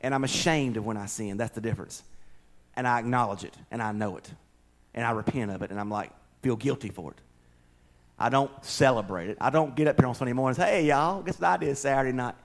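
A man preaching a sermon as pastor in a church, swinging between loud bursts and hushed asides and acting out other voices. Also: medium pitch, fast talker.

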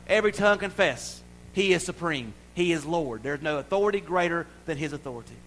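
A man preaching a sermon in a folksy, playful way, building to loud declarations. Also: on the high side, expressive, a little fast, rough recording. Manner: folksy, playful preaching with acted-out voices and rising shouts. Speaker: pastor.

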